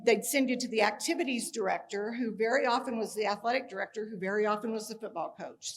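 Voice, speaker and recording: Woman telling funny tribute stories. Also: mid-range voice. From Kansas, USA. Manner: humorous storytelling with acted-out dialogue. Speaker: speaker at a tribute ceremony. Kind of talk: personal tribute speech.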